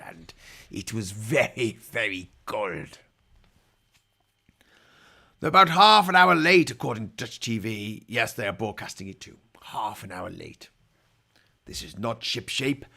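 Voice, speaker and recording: A man's voice: lowish voice, gravelly, pushed and bright, breathy edge. A man hosting a live-stream commentary, hamming it up in a jokey pirate persona with growled "yars" and rambling, irreverent asides. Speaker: livestream host.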